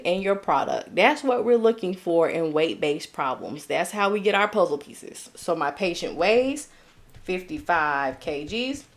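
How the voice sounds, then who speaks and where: A young Southern woman runs a live tutoring stream for nursing students. She sounds upbeat and chatty, drawing out her explanations and checking in with "okay?" Her voice sits at an ordinary middle pitch. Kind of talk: live-streamed tutoring, reading chat comments.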